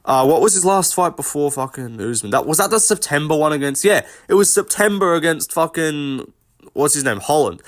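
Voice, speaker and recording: A young man giving casual commentary on a tier list, rambling, thinking out loud and swearing often. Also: mid-range voice. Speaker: host, MMA commentator.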